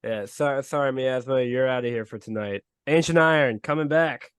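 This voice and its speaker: A man's voice: mid-range voice, clear, resonant tone, no room sound. Wisecracking man player, dry sound. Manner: wisecracking, quick jokes. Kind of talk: casual play chat.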